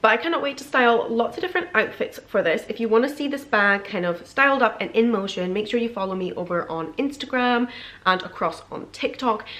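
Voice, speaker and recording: A young woman with a British accent, chatting excitedly through an unboxing vlog, gushing and filling her talk with "like". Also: mid-range voice. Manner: gushing, chatty, many fillers like "like". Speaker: beauty and lifestyle vlogger.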